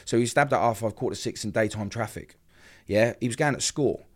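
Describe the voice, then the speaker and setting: A man's voice: lowish voice, fast. A man, a podcast guest telling an emotional personal story and acting out the other people's lines as he goes. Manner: vivid storyteller who acts out quoted dialogue.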